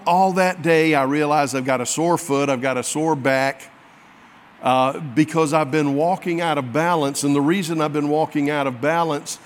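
A man's voice: fairly high pitch, slight background noise. A man preaching a sermon, telling a folksy, self-mocking story to his congregation. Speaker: pastor. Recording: long hall reverb.

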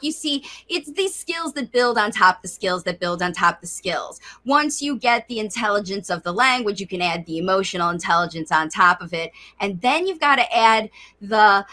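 A woman hosting a conversational interview, talking in long, energetic explanations. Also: fairly high pitch. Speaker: host.

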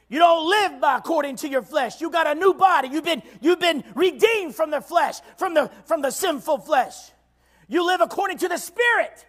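A man preaching a sermon in a shouting, call-and-response style, swinging from loud cries down to quiet low stretches. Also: animated, normal speed.

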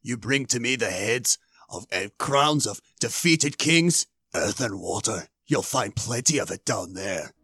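Man doing a breathy, imperious god-king. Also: fairly low pitch, expressive, bright, forceful tone, no echo, pitched below the performer's own voice, heavily acted. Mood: menacing. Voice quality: airy, breathy. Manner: slow, menacing, grand.

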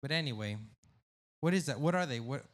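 A man co-hosting a podcast in casual banter, loud and profane, swinging between jokes and confessions. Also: mid-range voice, expressive, fairly quick. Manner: loud, swearing, jumps between joking and confessional. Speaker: podcast co-host.

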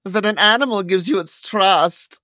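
A man's voice: high voice, moderate pace, sharp tone, no echo, clean studio sound. A man voicing an older German tiger showman in a hammy, exaggerated German accent, as a mock dramatic translation. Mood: mock solemn. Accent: put-on German.

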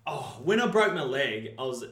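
A young Australian man telling casual stories, animated and laughing at his own yarns. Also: medium pitch, moderate pace, a crowd in the background. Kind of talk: casual storytelling. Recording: echoey room.

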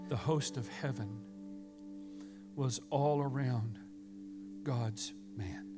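A man preaching a sermon, retelling a story with dramatic swings from hushed, near-whispered lines to loud, fervent passages. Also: mid-range voice, steady tone, very slow. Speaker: pastor. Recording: music playing underneath.

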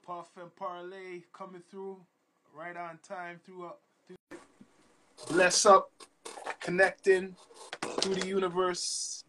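A man hosting a podcast in casual chat, with laid-back slang and repeated shout-outs to his listeners. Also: high voice, monotone, takes it slowly, pauses often. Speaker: podcast host.

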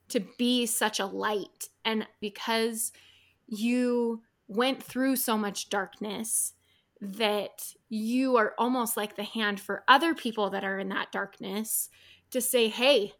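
High pitched lady cohost getting emotional, gushing over the guest. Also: takes it slowly. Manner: warm, emotional praise of the guest. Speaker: co-host. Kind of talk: casual interview chat.

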